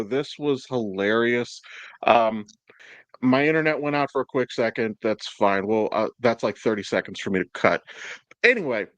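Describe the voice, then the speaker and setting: A man's voice: mid-range voice, a bit bright, no room sound. A man hosting a podcast in casual chat, swearing a lot, rambling and laughing often. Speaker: podcast host.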